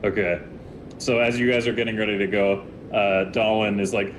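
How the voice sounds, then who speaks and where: A man's voice: lowish voice, steady tone, moderate pace, a little hiss or hum. A man narrating a tabletop game as game master, telling the scene loosely and rambling over voice chat.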